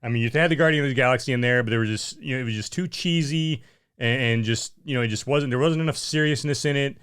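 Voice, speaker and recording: A man's voice: medium pitch, fast, fairly bright tone, clean tone. A man co-hosting a casual chat, blunt and exasperated, often repeating himself and saying "man". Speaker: podcast co-host.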